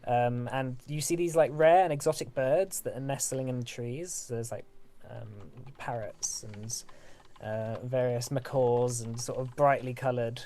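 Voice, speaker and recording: A man runs a tabletop fantasy game, describing scenes in a relaxed, halting way. He uses many fillers as he narrates. His voice sits at an average pitch. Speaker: game master.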